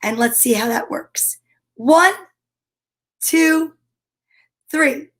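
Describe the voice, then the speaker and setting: Woman storyteller for kids, high and slow, animated read-aloud from a home studio. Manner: animated, playful, making animal sounds. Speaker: children's story reader. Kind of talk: reading picture books aloud to kids.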